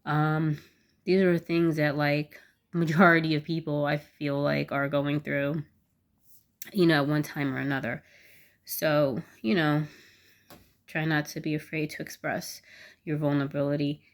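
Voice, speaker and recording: A woman's voice: low-pitched, little pitch movement, unhurried, long pauses. A woman vlogger talking candidly and a little rambling, with lots of "like" fillers. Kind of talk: casual talk to camera.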